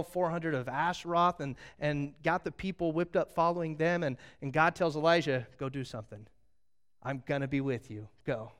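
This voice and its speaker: Animated preaching man, high clear voice. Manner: animated storytelling with humor, acting out quotes. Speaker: pastor. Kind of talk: sermon.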